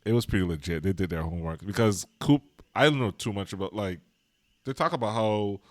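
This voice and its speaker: A man co-hosting a casual movie-review podcast, chatty and quick to laugh, wandering off into tangents. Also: fairly low pitch, no echo. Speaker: podcast co-host.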